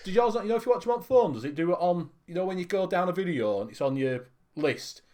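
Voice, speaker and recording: A man's voice: sits high, lively intonation, quick pace, a little mellow. A man hosting a casual live stream, jokey and giggly, teasing the others. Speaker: live show host.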